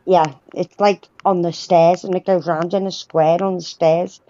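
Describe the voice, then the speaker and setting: A woman's voice: fairly low pitch, flat delivery, a little slow, warm tone. A woman chatting casually on a livestream, rambling through stories and swearing casually. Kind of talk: casual chat. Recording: dull lo-fi sound.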